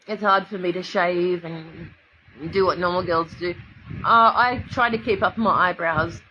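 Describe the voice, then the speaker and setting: A woman's voice: lowish voice, measured pace, sharp tone, dull audio, slight background noise. An Australian woman rambling to her viewers on a livestream, emotional and swearing freely, answering commenters as she goes. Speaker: vlogger addressing viewers.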